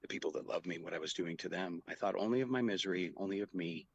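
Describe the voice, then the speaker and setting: A middle-aged man talks through a hard memory as an interview guest, earnest and halting. His voice sits very low with a gravelly fry and a husky edge. The sound is close and dry. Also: dry recording, dull audio. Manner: earnest, halting, with quoted dialogue. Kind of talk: personal storytelling in an interview.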